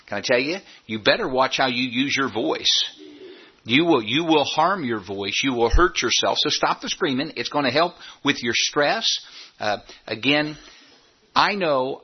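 Older preacher man, husky voice, folksy and joking, dull lo-fi recording. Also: medium pitch. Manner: folksy, conversational preaching with asides and humor. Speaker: pastor. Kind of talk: sermon. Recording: dull lo-fi sound.

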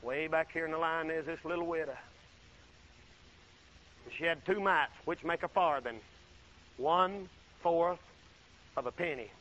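A man preaching a folksy sermon, swinging from loud exclaiming to low murmured asides. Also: unhurried, pauses often, highs cut off, a little hiss or hum.

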